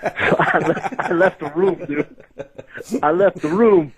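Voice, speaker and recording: A former pro wrestler, his voice pitched on the high side, husky and a touch slow, tells backstage stories in a relaxed interview. He's an animated storyteller who laughs his way through each tale, heard over tinny phone-line audio.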